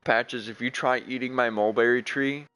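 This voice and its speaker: A man's voice: medium pitch, fairly even intonation, normal speed, a bit bright, rough recording. A young man chatting casually while playing a video game, rambling with many restarts. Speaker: gaming streamer.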